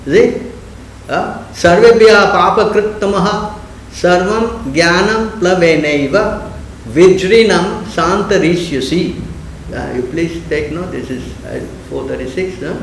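Speaking at a measured pace in a high, creaky voice, a man leads a sermon class in a conversational way, regularly putting questions to his listeners and dramatizing the words he quotes. The recording has echo from the room and a little hiss or hum.

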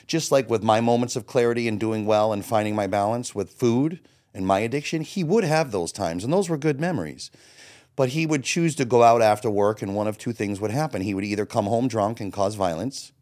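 A man's voice: fairly low pitch, a little mellow. A man in his forties telling his own story as a podcast guest, blunt and profane, acting out his past thoughts as quotes. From Florida. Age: 40s. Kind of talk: candid personal storytelling.

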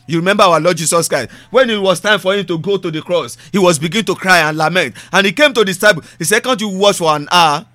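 A man preaches a sermon in a high, bright voice, hammering points home by repeating phrases. His English bends grammar loosely. The sound is dry and close. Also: fast talker, few pauses, no echo. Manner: preaching with repetition and rising emphasis.

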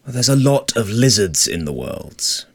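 Brief: a man as a dry, skeptical coworker in an audio drama, very deep, husky voice. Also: very animated, moderate pace, full character voice. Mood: wry. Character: weary, skeptical male library colleague.

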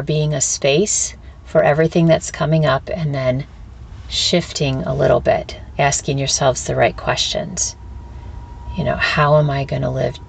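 Low raspy-fry woman doing a chill spiritual podcast, swears a lot, very casual. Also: slight background noise. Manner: candid, casual, swears freely; puts on squeaky high voices when quoting. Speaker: podcast host. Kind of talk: reflective spiritual talk.

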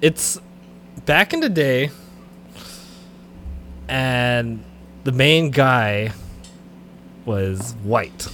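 A man co-hosting a podcast in casual banter, joking and quick to laugh. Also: medium pitch, expressive, fairly bright tone, slight background noise. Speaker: podcast co-host.

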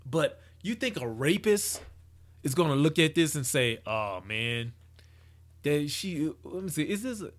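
A man's voice: a little high, animated, normal speed. A man giving rambling, casual commentary as he reacts to a photo project, with many restarts and hypotheticals. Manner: acts out quoted people in his voice.

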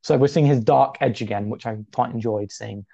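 A man of twenty co-hosting a casual podcast chat, talkative and self-deprecating, his pitch often jumping up. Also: brisk, vocal fry, highs cut off. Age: 20s. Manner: chatty, self-deprecating, lively pitch jumps. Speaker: podcast co-host.

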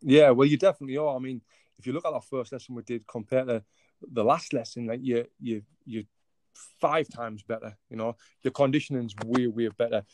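A friendly man with an English accent who calls people mate and laughs easily while he chats. His voice sits at an ordinary middle pitch. The recording is dry and close, with no room sound. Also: fairly even intonation, brisk, a little mellow, no room sound. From England. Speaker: boxing coach, guest. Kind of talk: casual interview chat.

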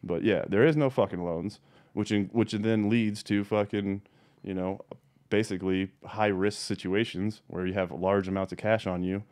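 A man's voice: lowish voice, steady tone, normal speed, darkish tone. A man hosting a podcast, a cannabis grower going on a heated, profane rant and swearing constantly. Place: home.

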